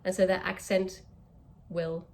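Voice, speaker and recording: A woman's voice: fairly low pitch, flat delivery, unhurried, vocal fry, darkish tone, a little hiss or hum. A woman with an English accent, a communication coach teaching to camera, stretching out key words for emphasis.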